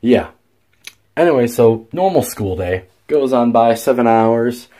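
A man's voice: mid-range voice, lively intonation, unhurried, mellow. A young man telling a story in a casual vlog, rambling with many fillers and restarts and swearing freely. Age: young adult. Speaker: vlogger.

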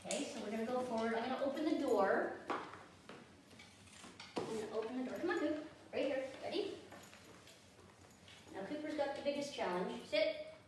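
A woman dog trainer teaching a hands-on lesson, giving the dogs brisk commands between explanations. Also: high voice, distant mic, noisy background. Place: indoors at home with dogs. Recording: echoey room, voice from off the mic.

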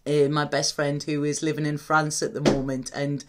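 A woman's voice: low-pitched, little pitch movement, moderate pace, noisy background. A woman, a tarot reader, talking candidly and emotionally in a confessional vlog monologue, swearing casually as she speaks.

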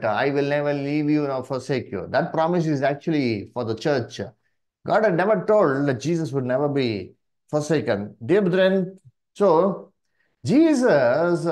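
A man with an Indian English accent leads a Bible study in a sermon style, his voice rising and falling in wide swings. He takes his time and pauses often, filling the gaps with "uh" and "you see", and keeps calling the listeners "dear brethren". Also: mid-range voice, a little mellow. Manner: slow, halting delivery with many "uh" and "you see" fillers.

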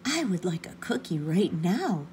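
A woman's voice: fairly low pitch, sing-song, a little slow, a little mellow, a little hiss or hum. A woman voicing an eager, polite little male puppy in a storybook reading. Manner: hopeful, polite, chatty.

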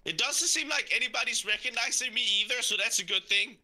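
A man's voice: very high voice, fast talker, sharp tone, a little hiss or hum. A man chatting through a live game with friends, complaining in a whiny, melodramatic way. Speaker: gaming channel regular. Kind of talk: live gameplay chat with friends.

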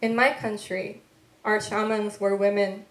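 A woman from Korea recites her poetry in a measured, deliberate way, her pitch staying level and even. She pauses between lines and drops into soft, tentative asides between poems. The voice rings in an echoey live event room. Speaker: poet reading her work. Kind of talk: poetry reading. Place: event room at a literary venue.

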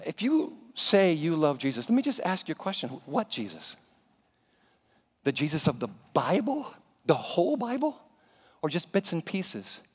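A male pastor preaching a sermon in a church, telling the story in an animated, dramatic way. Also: fairly high pitch, moderate pace, husky. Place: church sanctuary. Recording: reverberant church hall.

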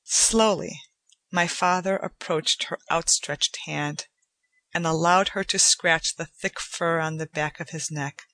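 A woman narrating a short story in slow, measured, somber storytelling. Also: deep voice, bright, forceful tone, dry recording. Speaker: audiobook narrator. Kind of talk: scripted narration.

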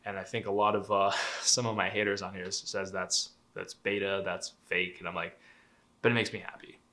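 A young man with a low, sharp voice speaks at a moderate pace in a level tone, offering relationship advice in a casual, candid monologue. He swears freely, laughs lightly mid-sentence, and throws in "right?" asides.

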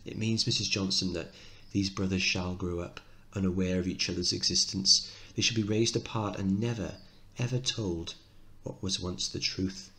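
A man's voice: steady tone, normal speed, bright, forceful tone. A man doing a cold, menacing rich woman. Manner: low, menacing, controlled. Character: wealthy mother, cold and threatening.

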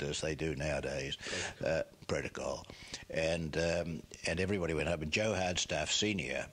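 A man's voice: very deep voice, fairly bright tone. An older man, a former cricketer telling a rambling anecdote full of asides. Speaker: former cricketer recalling a tour. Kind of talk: anecdotal storytelling.

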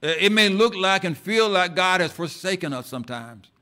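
A male pastor delivers an impassioned sermon in a church, with a fairly high voice. He swings from loud, emphatic lines to hushed asides, often restarting and repeating words as he builds his point. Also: expressive, moderate pace.

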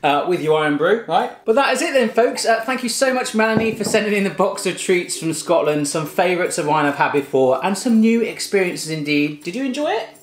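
A man's voice: high voice, expressive, fairly quick, hardly any pauses, roomy sound. A man hosting a food taste test in a home kitchen, chatting casually with playful jokes. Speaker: host.

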